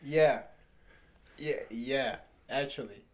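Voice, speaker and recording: A man's voice: medium pitch, slow. Man giving casual life advice. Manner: animated, advice-giving, retells anecdotes. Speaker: podcast co-host. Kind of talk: casual chat.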